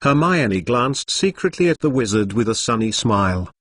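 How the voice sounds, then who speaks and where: A man's synthetic-sounding voice narrating a story in a flat, even manner, reading punctuation aloud, close to the mic. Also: medium pitch, moderate pace. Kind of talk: audiobook narration of fan fiction.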